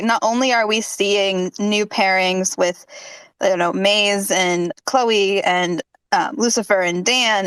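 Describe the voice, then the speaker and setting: A woman with a smooth, clean voice talks in an upbeat, agreeable way during a casual fan discussion. The sound is close and dry. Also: medium pitch, fairly bright tone, no room sound, low-quality recording. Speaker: podcast panelist.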